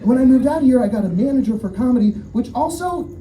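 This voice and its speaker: At an outdoor show, a stand-up comedian performs a set, telling stories in an animated way and acting out the voices of the people in them. His voice is very high-pitched and he talks fast. The audio is poor: roomy, far from the mic, with a little hiss or hum.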